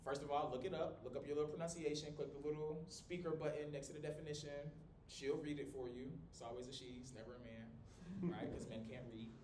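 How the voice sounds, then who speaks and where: In a small room, a college instructor gives a lively, joking lecture, speaking a little fast with hardly any pauses and swinging his pitch and volume up and down to demonstrate. There's no microphone; the recording is from across the room, echoey, with a low rumble.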